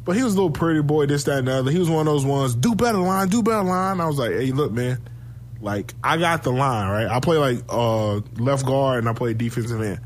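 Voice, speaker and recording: A man's voice: mid-range voice, fairly quick, slight background noise. Casual man telling football stories. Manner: animated storytelling, swearing, laughs often. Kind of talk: casual sports chat.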